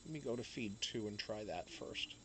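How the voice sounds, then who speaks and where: A man's voice: fairly low pitch, lively intonation, normal speed, fairly bright tone. Male stream host, casual rambling chat full of ums and curse words, faint background noise. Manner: rambling, swears freely, lots of fillers. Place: home.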